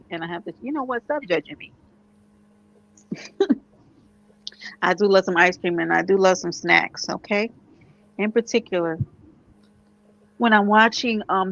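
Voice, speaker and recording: A woman from New York chatting casually as a vlogger, animated, with quick asides and laughs. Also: mid-range voice, muffled recording. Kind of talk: casual chat.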